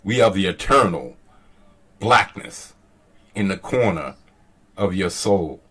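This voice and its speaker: A man voicing an ominous, deep-voiced dramatic narrator with a slow, heavy, menacing delivery. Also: expressive.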